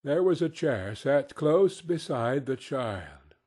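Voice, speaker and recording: A man reading a classic story aloud as an audiobook narrator, measured and expressive. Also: medium pitch.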